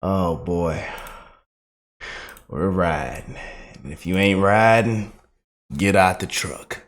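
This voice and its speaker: A man's voice: sits low, takes it slowly. A man hosting casual political commentary, folksy, laughing and calling his audience y'all. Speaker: commentary channel host.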